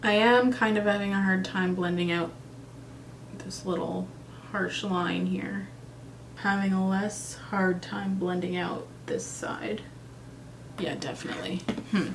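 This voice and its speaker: A woman's voice: medium pitch, fairly even intonation, slow pace, vocal fry, background noise. Chatty young woman reviewing makeup. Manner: chatty, thinking aloud, self-doubting. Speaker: beauty vlogger. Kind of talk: casual makeup review vlog.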